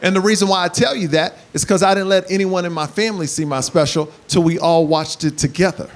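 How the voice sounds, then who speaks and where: A man doing stand-up comedy who tells animated stories and builds up to shouts. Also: high voice, a little fast. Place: comedy club stage. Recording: live club set with crowd laughter. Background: audience laughter and room hiss.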